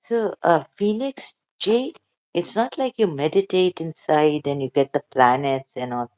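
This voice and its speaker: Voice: mid-range voice, a little slow, a little mellow. A channel host talking emotionally and hesitantly in a casual livestream chat.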